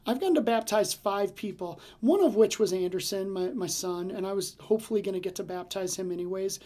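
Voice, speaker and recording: A man's voice: sits high, a little fast, mellow. A man hosting a casual devotional podcast, telling stories in a chatty way with many fillers and restarts. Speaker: podcast host and ministry leader.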